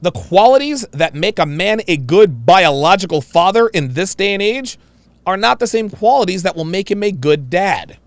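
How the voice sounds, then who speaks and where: A man's voice: high-pitched, very animated, moderate pace, dry recording. A man giving mocking, emphatic reaction commentary on a played clip.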